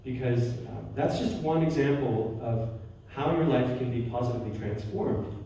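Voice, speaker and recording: A man gives a warm, storytelling spiritual talk, often restarting his sentences. His mellow voice sits back from the microphone in a strongly echoing hall, with a faint hiss of room noise underneath. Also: medium pitch, normal speed. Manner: warm storytelling with frequent restarts and soft laughs. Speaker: guest speaker. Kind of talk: spiritual talk with personal stories. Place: church hall. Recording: roomy hall from far off.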